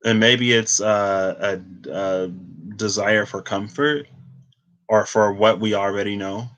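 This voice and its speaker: Speaking slowly in a lowish, steady voice with a fairly bright tone, a male tarot reader gives an easygoing reading to camera. His thoughts wander out loud, he restarts often and says "like" a lot, chuckling at himself along the way.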